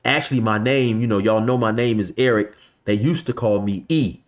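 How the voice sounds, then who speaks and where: A man's voice: on the low side, moderate pace. Guy telling a story from back in the day, slangy and loose, lotta "you know, man". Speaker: vlogger telling a street story. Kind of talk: casual storytelling.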